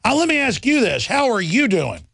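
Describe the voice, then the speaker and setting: A man's voice: very high voice, wildly swooping pitch, normal speed, vocal fry, fairly bright tone, no echo. A man hosting a radio talk show, ranting intensely about the government and taking calls.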